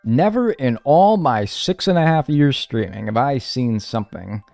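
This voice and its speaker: A man's voice: medium pitch, lively intonation, measured pace, creaky, darkish tone, no room sound. Man, live-stream chatter, rambling, jokey, self-mocking, faint music behind. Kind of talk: casual live-stream chat.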